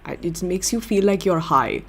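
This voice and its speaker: Young woman, low and husky, excitable livestream host chatting with fans. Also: normal speed. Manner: excitable, giggly, gushing fan talk. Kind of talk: casual chat with viewers.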